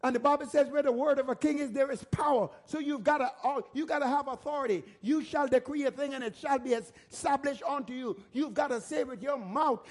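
A man's voice: very high voice, brisk, few pauses. A man pastor preaching a sermon, emphatic and repetitive, asking the listeners rhetorical questions.

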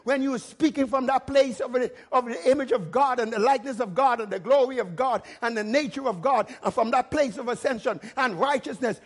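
A male pastor preaching a sermon in an emphatic, commanding way, repeating phrases and rising to loud declarations. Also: very high-pitched, brisk, hardly any pauses, slightly rough.

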